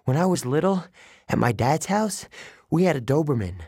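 A man's voice: fairly high pitch, big pitch swings, normal speed, mellow, husky, no room sound, studio quality, voice pushed up. A man reading an audiobook, voicing a confident young girl who gives firm, commanding orders. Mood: earnest. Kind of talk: audiobook character voice.

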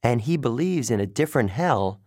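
A man's voice: medium pitch, expressive, moderate pace, a little mellow, no echo, studio quality, lightly acted. A man voicing a teenage boy hero in an audiobook, speaking with forced, edgy cheer.

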